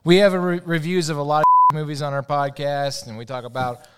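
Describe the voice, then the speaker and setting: A man with a slightly raised pitch, chatting and laughing easily while hosting a live podcast on a theater stage. He sounds upbeat and casual as he promotes the show to the crowd. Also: steady tone, brisk, fairly bright tone, a little hiss or hum. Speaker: podcast host.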